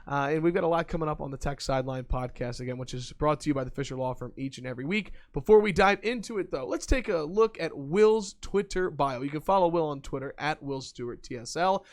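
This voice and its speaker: A man's voice: a little high, quick pace, few pauses. A young man hosting a sports podcast, leading into segments in an upbeat, emcee-like way. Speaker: podcast host. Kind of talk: casual podcast chat.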